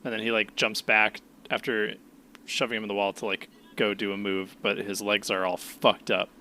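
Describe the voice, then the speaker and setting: A man with a bright, sharp voice chats loosely as a podcast co-host. He recaps what happened in a rambling, casual way and swears freely as he goes. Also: lowish voice, level tone, normal speed, slight background noise. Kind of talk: casual chat.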